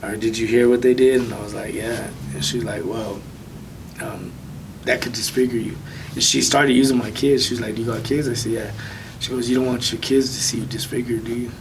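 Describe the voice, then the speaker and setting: A man speaking as an interview guest, telling a personal testimony in a soft, halting way with many pauses. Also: mid-range voice, steady tone, recorded from a distance, noisy background.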